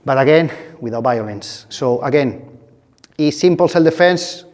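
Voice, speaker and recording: A man co-hosting, animatedly telling stories from experience with loose, hurried grammar. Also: mid-range voice, lively intonation, darkish tone, in a large hall. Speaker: self-defence co-host. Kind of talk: storytelling in conversation.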